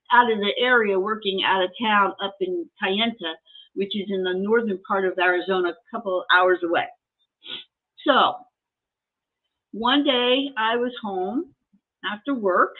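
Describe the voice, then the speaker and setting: A middle-aged woman hosting a live collectibles sale, chatting casually and telling a story in an animated way. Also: medium pitch. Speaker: host selling collectibles. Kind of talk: casual sales chat and storytelling. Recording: tinny phone-like audio.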